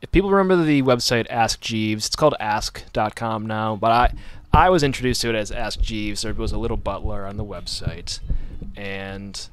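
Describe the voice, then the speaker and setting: A man's voice: on the low side, moderate pace, clean tone. A man hosting a casual radio talk show, rambling and joking with many restarts. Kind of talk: casual chat.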